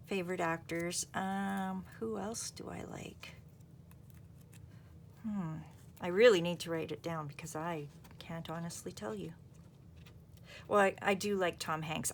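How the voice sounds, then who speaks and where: A woman with a lowish voice hosts a craft video, chatting in a rambling way and thinking aloud while she works. There's a slight hiss or hum on the recording.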